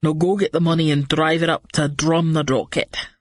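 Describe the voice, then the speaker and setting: A woman voicing a gruff older man in an audiobook, rattled and blunt. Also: deep voice, little pitch movement, moderate pace, dry recording. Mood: agitated.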